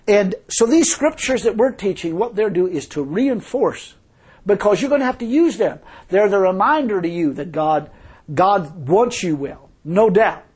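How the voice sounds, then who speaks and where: A man's voice: high-pitched, expressive, normal speed, darkish tone, breathy edge. A man preaching a fervent sermon, telling a story and repeatedly crying hallelujah.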